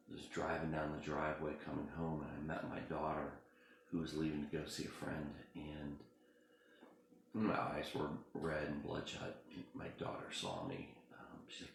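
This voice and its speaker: Super low gravelly pastor guy, stops and restarts a lot, echoey room w faint hiss. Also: steady tone. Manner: halting, emotional, many restarts. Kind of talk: personal reflective talk.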